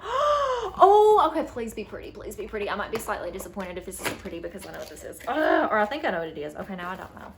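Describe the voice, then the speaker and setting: A young woman vlogger chatting casually at home while unboxing books, bubbly and prone to excited gasps and squeals, sometimes reading blurbs aloud. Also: mid-range voice. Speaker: book vlogger.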